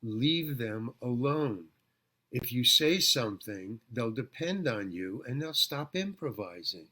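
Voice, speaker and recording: Older guy rambling thru old showbiz stories, bright edgy voice, keeps restarting his sentences. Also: medium pitch, lively intonation. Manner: rambling anecdotes with halting restarts. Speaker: guest actor telling stories. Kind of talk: casual storytelling interview.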